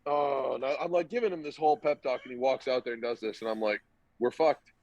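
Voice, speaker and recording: A young man spins a casual, swearing-laced story as a podcast guest, slipping into the other people's dialogue as he tells it. His pitch sits in an ordinary middle range. The recording is dull and lo-fi, with a dry, close sound. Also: fast talker, a little mellow, no room sound. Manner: loose, profane, acts out quoted dialogue.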